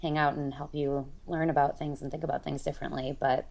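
Low-voiced woman co-hosting a casual podcast. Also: level tone, fairly quick, gravelly, a little mellow. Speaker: podcast co-host, college and yoga teacher. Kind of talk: casual chat.

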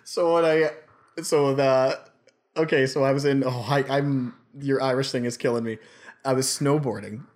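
A man's voice: medium pitch, steady tone, normal speed, a little mellow. A man in easygoing podcast banter, with an everyday mid-range voice. He rambles through stories in a playful way and keeps dropping into silly impressions. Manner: storytelling, playful, puts on accents. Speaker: podcast co-host. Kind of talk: casual comedic chat.

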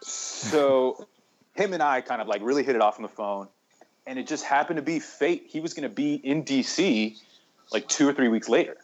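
A man telling his story as a guest in a relaxed chat, rambling with many fillers and restarts. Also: mid-range voice, moderate pace. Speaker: cigar maker guest. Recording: slightly dull lo-fi sound.

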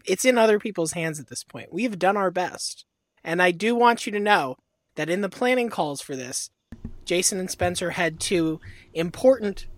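A man's voice: high voice, fairly bright tone, no echo. A man co-hosting a podcast in casual chat, with a dry, teasing manner. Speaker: podcast co-host.

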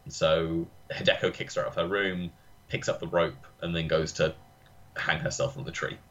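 A man's voice: low voice, level tone, moderate pace, a bit bright, dull audio. A man co-hosting a podcast who recounts film scenes in detail with enthusiasm and swears casually. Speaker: podcast co-host.

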